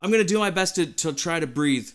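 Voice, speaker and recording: A man's voice: on the high side, lively intonation, fast. Breathless, giddy man streaming live. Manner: giddy, breathless, reading chat messages aloud. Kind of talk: excited postgame live stream chat.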